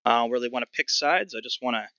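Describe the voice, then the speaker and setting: A man's voice: medium pitch, quick pace, bright, forceful tone, dry recording, highs cut off. A man voicing a pompous, money-minded male bard with a smug, mercenary drawl.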